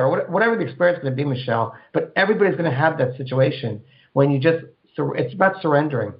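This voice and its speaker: A man's voice: a little high, animated, fast talker. A man hosting a spiritual call-in radio show, giving meditation advice in a rambling way, repeating words and acting out little inner voices. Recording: dull lo-fi radio sound.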